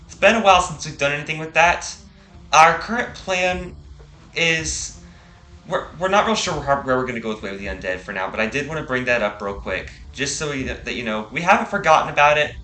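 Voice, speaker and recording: A man's voice: fairly high pitch, lively intonation, a little fast, bright, forceful tone, soft background music. A man co-hosting a casual game development update, walking through menus step by step with the odd stumble. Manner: chatty, explains step by step, occasional stumbles. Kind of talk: casual walkthrough of a game menu. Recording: roomy echoey room.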